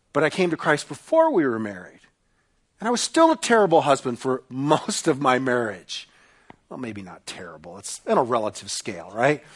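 A man's voice: on the high side, a bit bright, breathy edge. A middle-aged male pastor preaching a sermon, emphatic and given to repeating his key lines.

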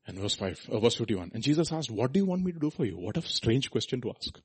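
A male preacher delivers his sermon in a husky voice. His pitch leaps and falls with lively range, loud emphatic lines giving way to quiet asides. He keeps asking the congregation rhetorical questions. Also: brisk. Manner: animated, swinging from loud high emphasis to soft low asides, rhetorical questions.

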